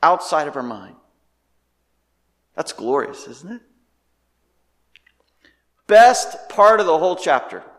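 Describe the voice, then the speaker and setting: Guy preaching in a church, kinda high voice, big hall echo, fires off questions. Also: slow, pauses often. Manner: animated preaching, rhetorical questions, swings loud and hushed. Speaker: pastor. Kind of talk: sermon.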